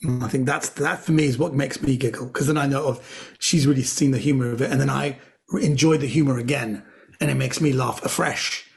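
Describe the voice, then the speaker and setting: A middle-aged man, a comedian guest, chatting casually and telling jokes with animated delivery and quick character voices. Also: medium pitch, creaky. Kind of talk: casual storytelling chat.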